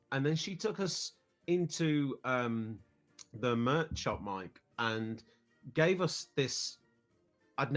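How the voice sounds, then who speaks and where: A man's voice: mid-range voice, a bit bright. British man telling a long story. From United Kingdom. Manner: rambling, repeats words when starting sentences. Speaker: podcast guest. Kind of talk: casual storytelling.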